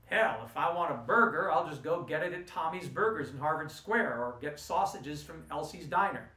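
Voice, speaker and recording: A man's voice: a little high, expressive, normal speed, sharp tone. A man voicing a blunt young male student who shrugs things off in a casual, offhand way. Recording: roomy, from a distance.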